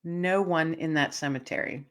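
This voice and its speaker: A woman guest telling a personal story in an interview, animated, laughing often, with frequent restarts and fillers. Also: deep voice, normal speed. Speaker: guest author.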